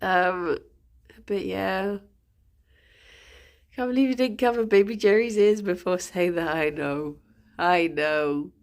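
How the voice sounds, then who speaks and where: A woman's voice: on the low side, slow pace, long pauses. A woman streaming, chatting casually and laughing often between fillers. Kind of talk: casual chat.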